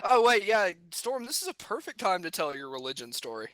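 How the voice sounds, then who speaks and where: A man co-hosting a podcast, chiming in with quick remarks in casual banter. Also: high voice, very animated, crowd noise. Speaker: podcast co-host.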